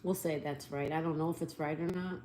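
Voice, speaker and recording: A woman's voice: sits low, steady tone, brisk, mellow, a little hiss or hum. A woman hosting a casual live stream, spelling out answers letter by letter and reading viewer comments aloud.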